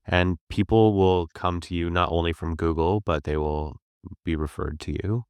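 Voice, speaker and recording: Man, deep voice, crisp resonant tone, casual storytelling podcast guest. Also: moderate pace, no echo. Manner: relaxed, chatty, storytelling with asides. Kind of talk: casual conversation.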